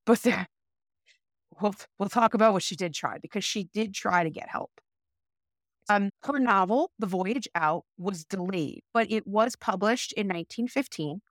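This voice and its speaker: A woman's voice: on the low side, a bit bright, no room sound. Woman co-host, casual podcast chat, loose and profane, dry close mic. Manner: chatty, swears freely, quotes people in voices.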